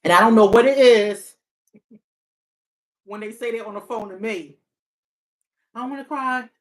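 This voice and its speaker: A woman speaking as a therapist and hotline counselor in a casual, reflective monologue. She talks earnestly and circles back on her key phrases to drive them home. Her pitch sits in the middle range for a woman. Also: steady tone, normal speed.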